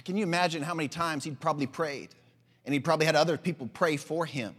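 Fervent preacher with a hall echo. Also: male voice, a little high, quick pace, a bit bright, breathy edge. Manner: fervent, emphatic, calls for amens. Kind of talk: sermon.

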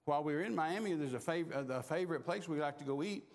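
An older man preaches in a folksy, rambling style, doubling back on his words and chuckling as he tells his stories. His somewhat raised voice has a gravelly rasp. It echoes through a large, reverberant hall. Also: on the high side, quick pace. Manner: folksy, stammers and repeats words, chuckles while telling. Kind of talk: storytelling sermon.

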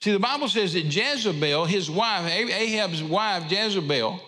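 A man preaches a sermon in a folksy, storytelling manner. His voice is high and bright. It carries a long reverb from a large hall. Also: expressive, normal speed. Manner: folksy storytelling with drawled asides.

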